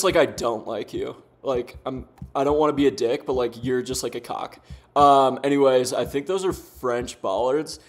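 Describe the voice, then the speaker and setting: A young man commentating his own game, frustrated, rambling and swearing with lots of fillers. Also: mid-range voice. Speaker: gaming streamer. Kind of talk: casual commentary while playing.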